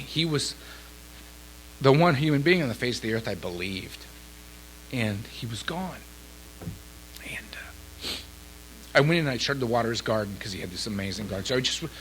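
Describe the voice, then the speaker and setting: A man's voice: medium pitch, a little hiss or hum, low-quality recording. A man speaking at a recovery meeting, telling a personal story with feeling and acting out what others said. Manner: emotional storyteller, quoting others in lively voices. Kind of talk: recovery talk.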